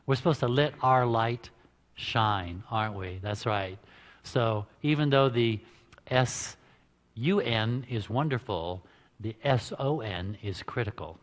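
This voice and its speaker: A man's voice: medium pitch, slow pace. A man giving an informal, joking talk at a church health seminar, chatting with the audience and laughing at his own lines. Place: church hall before an audience. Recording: reverberant church hall.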